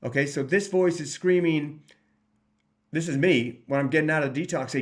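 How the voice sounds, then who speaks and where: Brief: earnest male host with a fairly high voice, personal recovery talk, restarts a lot. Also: moderate pace. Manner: earnest, rambling, frequent restarts; quotes his own thoughts in voices.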